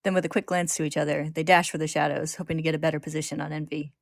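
A woman hosting, narrating a story recap in a steady, descriptive way. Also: low voice, rapid-fire, gravelly, dry recording, studio quality.

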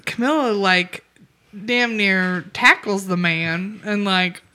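A woman co-hosts a relaxed podcast recap with a bright, clear tone. She talks loosely and hedges her points with "like" and "I feel like", and she laughs easily between remarks. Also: mid-range voice, takes it slowly. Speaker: podcast co-host. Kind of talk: casual chat recapping a reality show.

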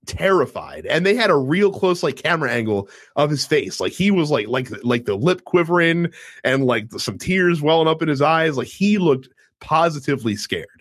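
A man chatting casually about a wrestling show, telling the story with lots of energy and acting out bits of dialogue. His pitch swings up and down expressively, and the recording sounds dry and close with no room sound. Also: normal speed, no echo. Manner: animated storytelling, acts out wrestlers' lines, swears casually. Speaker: podcast co-host. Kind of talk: casual wrestling recap chat.

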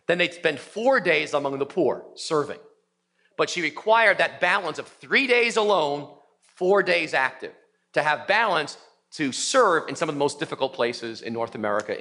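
A middle-aged male pastor preaching a sermon in a church, acting out biblical voices as he tells the story. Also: on the high side. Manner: animated, acts out voices of biblical figures. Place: church sanctuary in New York City.

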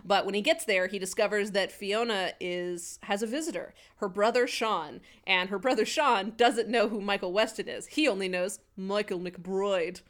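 A woman's voice: mid-range voice, moderate pace, hardly any pauses, fairly bright tone. Chatty woman recapping with wry humor. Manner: chatty, wry, laughs easily, recaps from notes. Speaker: podcast co-host. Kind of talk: casual recap chat.

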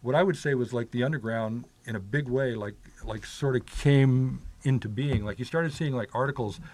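A man's voice: mid-range voice, normal speed, darkish tone. An older man telling long rambling stories in a casual chat, full of filler words and restarts. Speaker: guest.

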